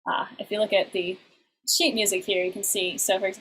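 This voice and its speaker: A woman teaching an online class, explaining in halting bursts and now and then breaking into short sung examples. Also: medium pitch, level tone, fairly bright tone, slight background noise, low-quality recording.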